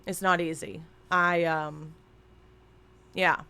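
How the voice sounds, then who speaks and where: A woman's voice: lowish voice, little pitch movement, slow, pushed and bright, clear, resonant tone. A woman streamer chatting casually and candidly into a desk microphone at home, rambling and swearing freely. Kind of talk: casual live-stream chat.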